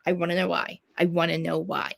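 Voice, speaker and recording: A woman's voice: on the low side, level tone, brisk, gravelly. A woman from New Jersey, ranting in casual chat, swearing a lot and restarting her sentences. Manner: profane, ranting, many restarts.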